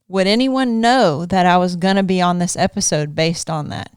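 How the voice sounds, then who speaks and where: A woman guest on a podcast in casual chat, teasing and animated as she tells a story into a studio microphone. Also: on the low side, moderate pace, hardly any pauses, clear, resonant tone, no room sound.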